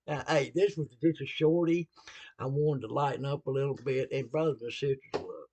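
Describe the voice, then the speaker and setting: A man's voice: mid-range voice, moderate pace, warm tone. A man with a Southern US accent giving a casual sermon-style talk, folksy and blunt, with laughing asides. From American South.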